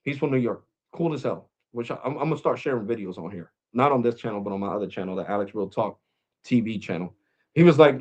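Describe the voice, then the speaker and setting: A man's voice: lowish voice, lively intonation, fast, a little mellow, muffled recording. A man vlogging, ranting to his viewers in a blunt, mocking way. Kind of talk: opinion rant to camera.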